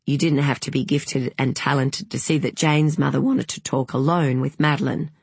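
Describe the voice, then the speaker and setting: Audiobook narrator, breathy husky tone, mid pitch, dry studio sound. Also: fairly even intonation, normal speed, a little mellow, dry recording. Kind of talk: scripted novel narration.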